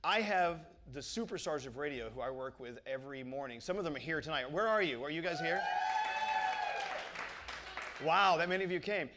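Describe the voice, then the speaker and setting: A radio host, telling stories in an animated, jokey way on stage before a live audience. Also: male voice, a little high, moderate pace, some chatter behind, slight background noise. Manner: animated storyteller, jokey and profane. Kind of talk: stage interview.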